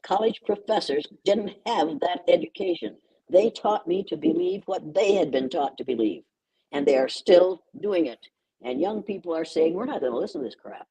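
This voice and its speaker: A woman's voice: lowish voice, normal speed, warm tone, husky, low-quality recording. An older American woman speaking as an interview guest, emphatic and repeating words for stress. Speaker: guest educator. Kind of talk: conversational interview.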